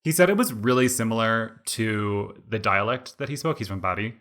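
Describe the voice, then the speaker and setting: Speaking at a normal speed in a lowish voice, a man in his twenties co-hosts a podcast. His story rambles along in an animated, casual way, with "like" in nearly every sentence.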